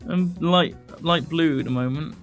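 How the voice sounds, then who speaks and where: A man playing a multiplayer game with friends, excitably shouting at his trains and laughing. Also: a little high, unhurried, soft background music. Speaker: host. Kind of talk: casual multiplayer gaming chat.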